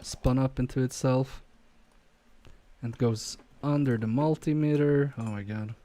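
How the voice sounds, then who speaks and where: A man's voice: mid-range voice, measured pace, warm tone, dry recording. A man streaming an electronics repair live, muttering to himself and joking with viewers about his own mistakes. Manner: muttering to himself and chatting to viewers, self-deprecating.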